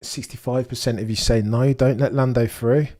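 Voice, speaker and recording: A young man hosting a live race watchalong, chatting excitedly to his viewers and firing off rhetorical questions. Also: medium pitch, normal speed. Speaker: livestream watchalong host.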